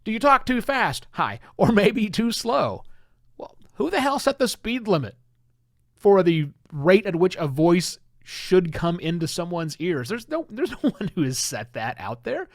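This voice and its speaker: A man hosts his own podcast, speaking in a lively, emphatic way. His voice sits slightly high and swings widely in pitch. He is recorded close on a dry mic. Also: a little slow, no echo. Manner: animated, conversational, emphatic. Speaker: podcast host. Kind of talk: solo podcast commentary.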